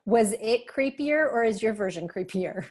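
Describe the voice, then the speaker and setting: A woman's voice: on the high side, lively intonation, normal speed, darkish tone. A woman hosting a casual interview, chatty and enthusiastic in her questions. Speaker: interview host.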